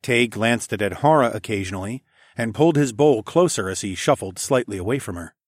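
A man reading a first-person novel aloud in a calm, even storytelling manner. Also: lowish voice, brisk, no room sound, studio quality. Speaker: audiobook narrator. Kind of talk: first-person scripted narration.

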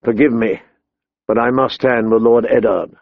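A man voicing a grave, honorable veteran knight in an audiobook, steady and solemn. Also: medium pitch, moderate pace, creaky, dry recording, phone-quality sound, lightly acted. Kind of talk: audiobook character voice.

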